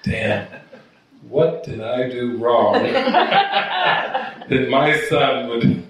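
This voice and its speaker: A man's voice: medium pitch, huge pitch swings, very slow, fairly bright tone, exaggerated voice. A man voicing a bewildered mother fretting over her son, in a raised voice, during a talk in a very echoey hall. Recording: very echoey room, voice from far off.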